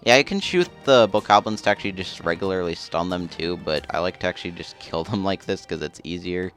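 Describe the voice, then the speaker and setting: A man's voice: low-pitched, animated, fairly quick, fairly bright tone, soft background music. A man casually commenting as he plays a video game, rambling and chatty. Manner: rambling, chatty, often laughing. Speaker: let's play host.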